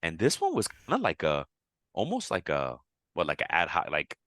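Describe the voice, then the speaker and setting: A man co-hosting a podcast, chatting casually and animatedly, his voice leaping high when he acts out his own reactions. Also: normal speed, no echo. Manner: animated, jumps to high pitch when quoting himself. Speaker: podcast co-host.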